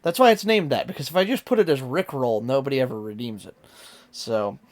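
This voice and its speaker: A male streamer talks loosely and at length to his chat, in a middle-pitched voice. He rambles from one thing to the next and fills the gaps with ums and likes. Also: brisk. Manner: rambling and talkative, many fillers. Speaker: live streamer. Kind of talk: casual live-stream chat.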